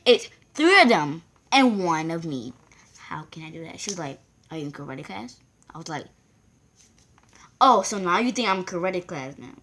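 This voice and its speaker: A woman's voice: lowish voice, very animated, normal speed, fairly bright tone. Rambling woman telling a storytime. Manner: rambling, acts out quoted voices. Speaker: vlogger. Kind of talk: casual storytime.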